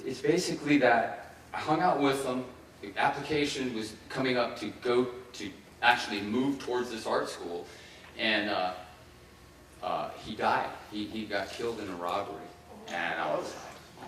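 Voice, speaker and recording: A man's voice: fairly low pitch, fairly bright tone, distant mic. A man in his fifties from Ohio tells his life story as a keynote speaker. He talks loosely, with fillers and restarts. He is heard from some way off in a very echoey hall, with faint noise behind him. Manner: casual and halting, with many fillers and restarts. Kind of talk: personal story told in a keynote speech.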